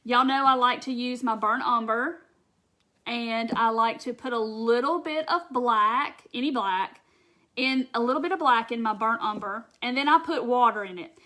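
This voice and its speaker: A woman's voice: fairly high pitch, normal speed, sharp tone. A Southern woman from Mississippi hosting a casual craft livestream, folksy and chatty, reading viewer comments aloud.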